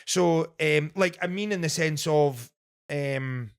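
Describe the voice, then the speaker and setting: A man's voice: a little high, slow pace, smooth. A Scottish man, a podcast guest who runs a pizza restaurant, chatting casually and rambling with restarts. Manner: rambling, with many fillers and restarts. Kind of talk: casual chat.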